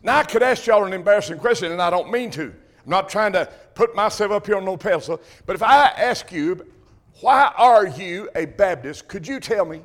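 A man preaching an emphatic sermon to his congregation, repeating phrases and rising to shouts. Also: high-pitched, animated, moderate pace. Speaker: Baptist preacher.

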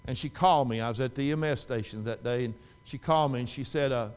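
A middle-aged man preaching a sermon in a church, folksy, swinging from loud fervent exhortation to quiet storytelling. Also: medium pitch, fast talker, smooth. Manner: folksy, repeats and restarts phrases.

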